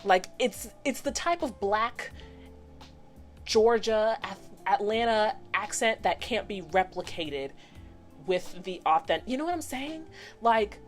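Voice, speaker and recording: A woman in her twenties giving a chatty, animated recap of a cartoon episode, slipping into voices for the characters. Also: medium pitch, a little slow, soft background music. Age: 20s. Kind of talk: casual commentary recap.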